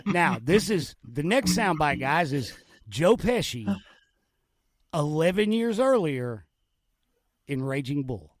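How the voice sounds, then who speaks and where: A man's voice: a little high, very animated, takes it slowly, long pauses, no echo. A man hosting a podcast, casual and joking as he introduces audio clips. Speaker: podcast host. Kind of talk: casual chat.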